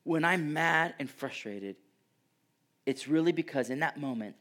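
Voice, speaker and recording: Dynamic preaching man, loud to hushed. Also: fairly high pitch, animated, unhurried. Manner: dynamic preaching, swinging from loud emphasis to hushed near-whispers. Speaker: pastor. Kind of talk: sermon.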